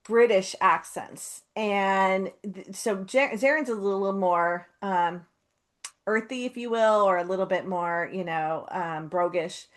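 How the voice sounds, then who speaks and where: A woman co-hosting a casual chat, speaking thoughtfully with frequent pauses and fillers. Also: medium pitch, fairly even intonation. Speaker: co-host.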